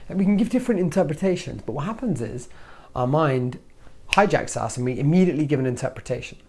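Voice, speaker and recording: A man hosting a self-help video, talking to camera in a lively motivational way and acting out inner thoughts in hushed voices. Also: fairly high pitch, fast talker, husky.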